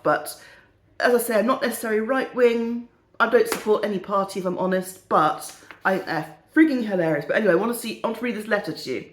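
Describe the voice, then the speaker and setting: A woman chatting casually and cheekily on her vlog, giggling as she goes. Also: lowish voice. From United Kingdom. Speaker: vlogger, perfume reviewer. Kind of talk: casual chat. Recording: echoey room.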